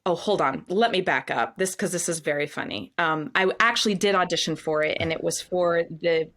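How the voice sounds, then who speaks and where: A woman in her thirties chats candidly as an interview guest, with a slightly low-pitched voice. She tells her stories with animation, acts out the voices of others, and laughs often. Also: a little fast, a bit bright. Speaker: guest, Broadway actress.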